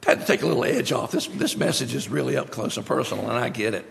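Gravelly voiced preacher man hammering his points over and over, big echoey church. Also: medium pitch, expressive, quick pace, crowd noise. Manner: emphatic, repeating phrases. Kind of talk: sermon. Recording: long hall reverb.

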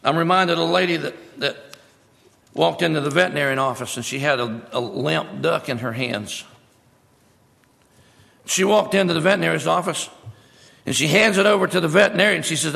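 A man's voice: a little high, fairly quick, vocal fry, a bit bright. A male preacher giving a sermon, emphatic, repeating his key phrases. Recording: long hall reverb.

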